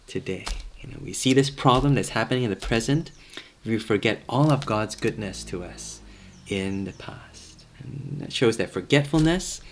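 A man's voice: medium pitch, a little hiss or hum. A man preaching a casual sermon from home, talking conversationally and repeating words for emphasis. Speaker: pastor.

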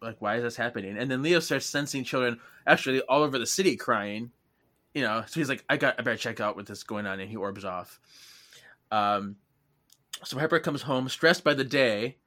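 A young man co-hosting a casual book chat, recapping scenes in a relaxed way and acting out the characters' lines. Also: mid-range voice, moderate pace. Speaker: podcast co-host.

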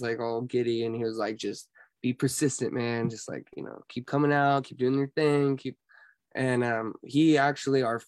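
A man's voice: medium pitch, no echo. A young man from San Diego chatting casually as a guest, rambling with lots of "like" and "um". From San Diego, California. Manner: rambling, heavy on fillers like "like" and "um". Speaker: musician guest. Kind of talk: casual chat.

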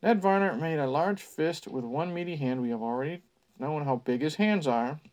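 A man's voice: fairly high pitch, normal speed, a little mellow. Wry man reading a story aloud. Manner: wry, mocking asides between passages. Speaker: podcast host reading a book.

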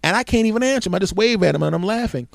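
Racing along in a high, expressive, creaky voice, a man tells a comic story on his solo podcast. It's loose and full of swearing, with him playing the story's characters, and the clean studio sound has no echo.

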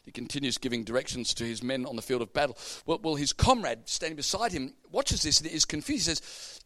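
A man preaching a sermon, an animated storyteller with comic punchlines. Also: medium pitch, a little fast, hardly any pauses, no echo.

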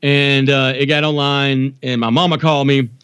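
A man poet telling stories as a guest, animated and self-deprecating, with many restarts. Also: medium pitch, normal speed, clean tone, dry recording. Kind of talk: casual chat.

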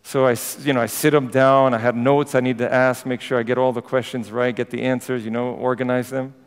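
Male priest, conversational sermon with humorous asides, smooth resonant tone, large reverberant church. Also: medium pitch, little pitch movement, a little fast. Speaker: Orthodox priest.

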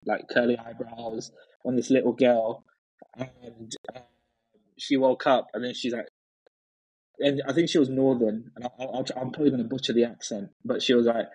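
A man talking as a podcast guest, telling stories in an animated way with many fillers. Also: mid-range voice, normal speed, husky, dry recording, rough recording. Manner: animated storyteller, frequent fillers and restarts. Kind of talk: casual chat.

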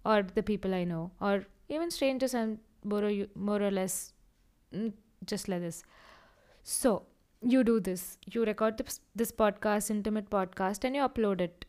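A young woman hosting a solo podcast, chatting casually and rambling from one tangent to the next, now and then acting out quotes with lively voices. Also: mid-range voice, moderate pace, clear, resonant tone. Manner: slips into animated acted-out quotes. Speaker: podcast host.

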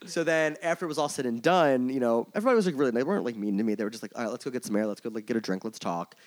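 Fast-talking man telling a rambling story. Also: mid-range voice. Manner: rambling, peppered with "like" and swearing; candid, openly emotional. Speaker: tour manager and merch coordinator guest. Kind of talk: casual podcast storytelling.

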